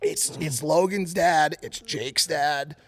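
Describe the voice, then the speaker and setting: A man co-hosting a podcast, telling a rambling, profane story and loudly acting out the people he quotes. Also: fairly high pitch, slow pace. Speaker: podcast co-host. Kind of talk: animated storytelling.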